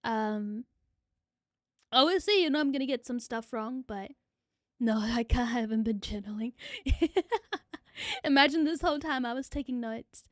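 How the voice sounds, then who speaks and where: A woman's voice: a little high, animated, measured pace, long pauses, no room sound, clean studio sound. A young woman, chatting casually on a livestream and answering viewer comments in a rambling way. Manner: chatty, rambling, repeats phrases, swears casually. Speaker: VTuber streamer.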